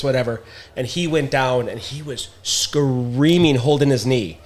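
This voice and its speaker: A man's voice: medium pitch, normal speed. Man telling stories, acting out quotes. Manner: animated storyteller, acts out quotes. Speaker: podcast co-host. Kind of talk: casual chat, storytelling.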